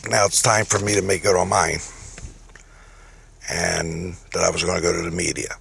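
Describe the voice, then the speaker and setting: A middle-aged man with a gravelly, husky voice, telling his own story casually and getting indignant when he quotes himself. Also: low voice, little pitch movement, normal speed, fairly bright tone, a little hiss or hum. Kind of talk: casual first-person storytelling.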